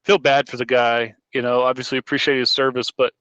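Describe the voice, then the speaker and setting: A man's voice: mid-range voice, level tone, a little fast, fairly bright tone, smooth, dry recording, dull audio. A man co-hosting a podcast, chatting casually in a rambling way and often correcting himself. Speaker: podcast co-host. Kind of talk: casual chat.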